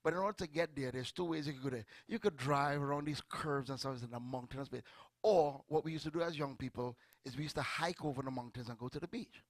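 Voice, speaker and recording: A middle-aged man with a Trinidadian accent preaching a sermon, animated and storytelling, calling out to his congregation. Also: mid-range voice, quick pace, no room sound. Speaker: pastor.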